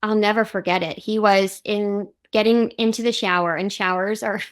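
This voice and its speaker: A woman's voice: medium pitch, fairly even intonation, moderate pace. A woman in her thirties hosting a podcast, telling a personal story in a heartfelt, reflective way. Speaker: podcast host. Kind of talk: casual podcast conversation.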